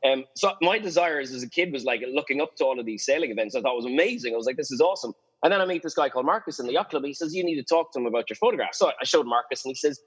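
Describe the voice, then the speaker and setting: An Irish man, a guest on a podcast, telling stories in a casual, lively way and acting out the voices of people he quotes. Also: medium pitch, rapid-fire, few pauses, slightly rough, dull audio. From Ireland. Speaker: guest, sailing photographer.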